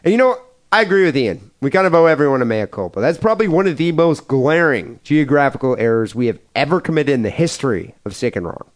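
A man's voice: fairly high pitch, big pitch swings, fast. A man from the United States co-hosting a podcast, trading crude jokes in casual chat. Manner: profane, jokey banter. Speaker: podcast co-host.

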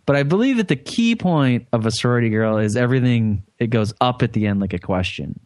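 A man's voice: mid-range voice, lively intonation, fairly quick, darkish tone, dry recording. A man co-hosting a comedy podcast, telling a news story in casual, profane, rambling chat. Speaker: podcast co-host.

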